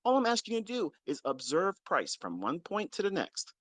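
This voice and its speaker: A man's voice: high voice, wildly swooping pitch, brisk, a bit bright, no room sound. Blunt, profane man scolding his students. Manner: stresses points by repeating them. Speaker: trading mentor. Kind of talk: unscripted ranting lecture to followers.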